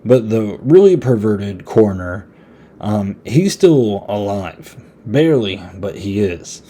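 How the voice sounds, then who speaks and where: A man's voice: on the low side, animated, slow pace, mellow. A man hosting a podcast, giving a casual, rambling horror movie review in a laid-back, chatty way. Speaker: podcast host.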